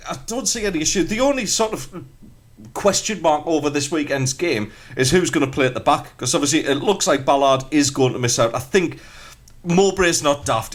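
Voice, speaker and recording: North East English male pundit, chatty and rambling, everyday mid voice. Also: medium pitch. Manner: chatty, frequent fillers and restarts. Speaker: football pundit. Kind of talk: casual radio chat.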